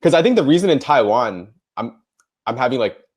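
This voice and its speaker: A man's voice: medium pitch, very animated, a little fast, darkish tone, breathy edge. A young man, co-hosting a casual debate podcast and rambling with many fillers and restarts. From United States. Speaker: podcast co-host.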